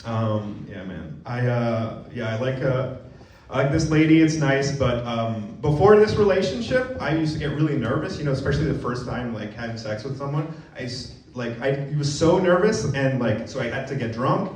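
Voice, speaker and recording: A young man doing a self-mocking stand-up comedy set, jumping into acted voices and going from mumbled asides to loud punchlines. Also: normal speed, a little hiss or hum. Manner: animated, self-mocking, jumps into high-pitched acted voices. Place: comedy venue with a live audience. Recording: roomy, distant live club recording with crowd laughter. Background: audience laughing.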